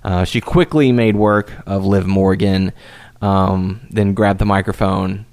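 A podcast co-host with a low voice talks about wrestling on a casual show, unhurried yet animated. He swears here and there and acts out quotes, and there's no echo on the recording.

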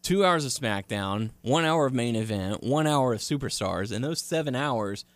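A man's voice: medium pitch, animated, moderate pace, dry recording. A young man co-hosting a podcast, recapping matches in a laid-back way with many fillers, laughing often. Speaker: podcast co-host. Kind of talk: casual wrestling recap.

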